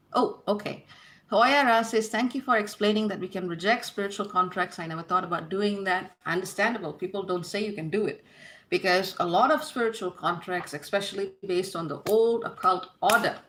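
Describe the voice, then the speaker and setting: A woman in casual livestream mode works through a chat feed, reading each comment out and answering it in turn. Her tone is bright and forward, and she laughs easily between replies. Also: medium pitch, moderate pace, slight background noise. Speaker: host answering live chat questions.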